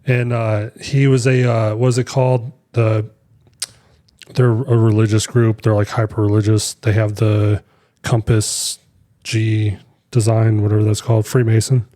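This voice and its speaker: A man's voice: on the low side, flat delivery, measured pace, mellow. A young adult man co-hosting a podcast, telling stories in a rambling way with many fillers and restarts. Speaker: podcast co-host. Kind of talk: casual chat.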